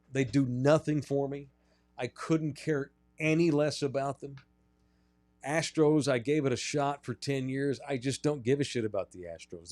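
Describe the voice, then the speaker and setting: A man's voice: mid-range voice, a little mellow, no echo. A man from North Texas, hosting a casual sports podcast and ranting emphatically as he tells stories. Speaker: podcast host.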